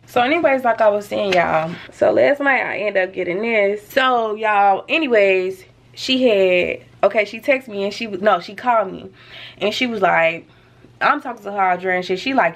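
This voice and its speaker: Animated woman telling a story at home. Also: mid-range voice, moderate pace. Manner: animated storytelling, lots of slang and cursing. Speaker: vlogger. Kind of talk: casual story time to camera. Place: home, indoors.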